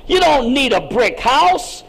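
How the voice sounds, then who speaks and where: A man's voice: very high-pitched, sing-song, slow, a bit bright, exaggerated voice, low-quality recording. A man voicing the lazy male pig brothers, who scoff at their brother.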